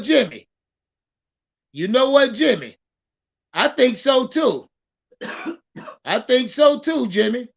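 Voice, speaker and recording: Bright, sharp male stream host; excitable, swearing, stop-start delivery over muffled audio. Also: high-pitched, gravelly. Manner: animated, profane, repeats words when starting thoughts. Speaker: livestream sports host. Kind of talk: casual livestream commentary.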